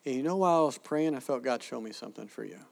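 A man teaches a congregation in a sermon-style talk, animated and conversational. He slips into quoted voices as he tells his stories. His voice sits at an ordinary middle pitch. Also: racing, creaky. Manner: animated storyteller, acts out quoted people. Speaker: preacher teaching evangelism.

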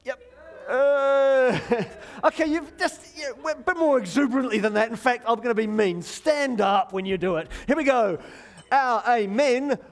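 A middle-aged man preaching a lively, joking sermon from a church stage, chatty and self-deprecating, drawing the congregation in. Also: very high voice, normal speed. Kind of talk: playful sermon with audience participation.

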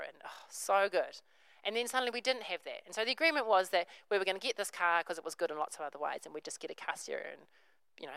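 Animated woman preaching. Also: fairly low pitch, gravelly, smooth, no echo, poor audio. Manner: storytelling, acts out characters' voices. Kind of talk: sermon.

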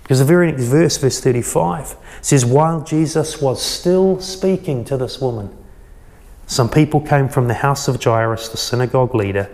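A man preaching a sermon, retelling a scripture story with lively acted-out quotes. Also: mid-range voice, normal speed, in a large hall. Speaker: pastor.

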